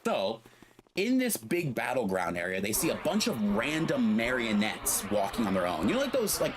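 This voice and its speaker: A man's voice: mid-range voice, huge pitch swings, normal speed, noisy background. A man streaming a game, casually telling a long story with lots of "like" and acting out the characters' voices. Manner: rambling, full of fillers, acts out quoted voices. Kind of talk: casual storytelling while gaming.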